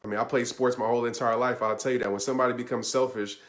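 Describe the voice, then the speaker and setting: A man's voice: mid-range voice, fairly even intonation, racing. A man in a mid-range voice gives motivational advice on relationships. He speaks earnestly and conversationally, addressing listeners directly and stressing his points with repeated promises. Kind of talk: motivational talk answering a question.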